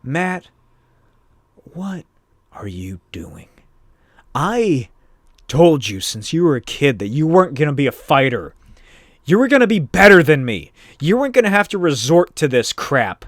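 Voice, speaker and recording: A man voicing the ghost of a gruff old boxer father, scolding in a low stern voice that drops toward a whisper. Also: big pitch swings, normal speed, dry recording, studio quality.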